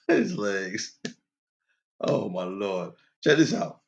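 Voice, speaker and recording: Gravelly and full of huge pitch swings, this man draws out his words, and the audio is dull. On his laid-back radio show he delivers dad jokes, laughs at the punchlines himself, speaks directly to the audience, and goes much higher for quoted voices.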